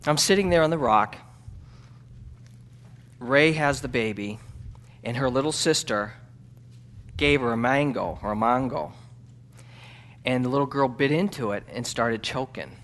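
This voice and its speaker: A man, a missionary, telling a story in a church sermon, halting with ums and restarts, then building to loud fervent preaching. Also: mid-range voice. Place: church sanctuary.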